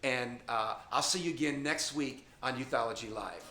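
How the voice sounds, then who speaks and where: In a roomy-sounding space, a middle-aged man with a mid-range voice and moderate pace gives an informal talk to camera as a youth ministry speaker. He teaches young people about dating emphatically and repetitively, addressing them directly with frequent "okay?"s.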